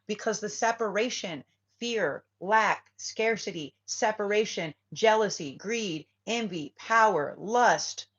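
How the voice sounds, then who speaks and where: A woman's voice: mid-range voice, a bit bright, muffled recording. A woman, a spiritual reader, talking in a casual, rambling and emphatic way and swearing freely. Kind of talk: casual rambling vlog talk.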